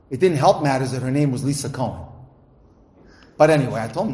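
A man giving a religious inspirational talk, reading Hebrew passages and translating them line by line in a lively storytelling manner. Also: mid-range voice, brisk, long pauses. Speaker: lecturer. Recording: echoey room with faint noise.

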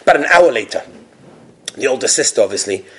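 A man's voice: medium pitch, quick pace, husky. A man giving a religious talk, telling stories and acting out the characters. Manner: animated storytelling, acts out characters. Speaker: religious lecturer.

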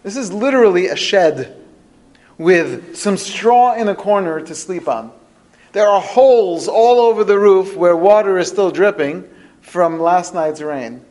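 A man teaching a religious lesson through storytelling, with expressive, dramatic shifts in pitch and loudness. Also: measured pace. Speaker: rabbi teaching a podcast lesson.

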